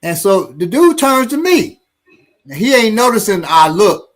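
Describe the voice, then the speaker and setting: Brief: male instructor, high voice, lively storyteller, does the voices. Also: a little slow. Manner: animated, acts out voices in his stories. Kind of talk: casual storytelling.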